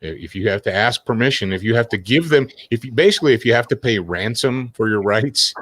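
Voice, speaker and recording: A man joining as a guest panelist, giving his opinions in lively casual chat and acting out mocking voices. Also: medium pitch, brisk, no room sound. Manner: animated, acts out mocking voices.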